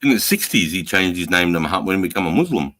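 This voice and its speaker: A man with an Australian accent hosting a casual reaction chat, loud and sweary, laughing as he banters. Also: low voice, big pitch swings, racing, no room sound. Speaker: streamer host.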